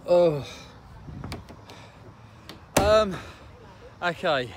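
A man's voice: sits high, lively intonation, drawn-out words, noisy background. Joking man vlogging outdoors. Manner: joking, laughing at his own lines. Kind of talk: casual vlog chat. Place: outdoors at a park and in a car.

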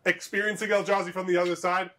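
A man playing a card game in casual chat, excitable, laughing often and swearing. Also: sits high, fast talker, slight background noise.

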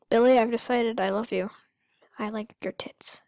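A higher-pitched woman narrates her own gameplay in a slow, drawn-out way. Her talk rambles and turns goofy, breaking into sudden squeaky outbursts. The sound is dry, with no room around it. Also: vocal fry, no room sound. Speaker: gamer. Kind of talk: let's-play commentary.

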